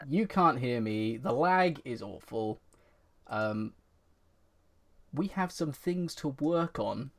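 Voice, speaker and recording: A man co-hosting a podcast over an online call, chatting casually with dry, wry remarks. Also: medium pitch. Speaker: podcast co-host. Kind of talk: casual chat. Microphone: online call microphone.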